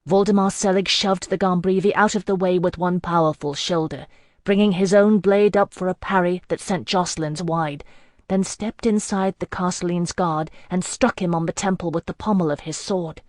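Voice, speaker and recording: A woman narrates a fantasy novel in the first person, measured and even. Her voice sits on the low side for a woman. The sound is dry and close, as from a booth mic. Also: no echo. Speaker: audiobook narrator. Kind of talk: scripted narration.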